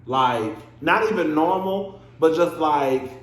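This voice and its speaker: A young man talks through a reality TV episode in a casual, animated way, often bursting into laughter. His voice sits a little high for a man. The sound bounces around an echoey room. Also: slow. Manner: animated, laughing, acts out scenes in exaggerated voices. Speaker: reality TV recap host. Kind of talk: casual recap commentary.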